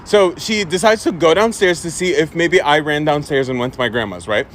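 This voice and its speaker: A young man from Egypt telling a funny childhood story in a casual, animated way, laughing often. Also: a little high, brisk, a little hiss or hum. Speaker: social media storyteller.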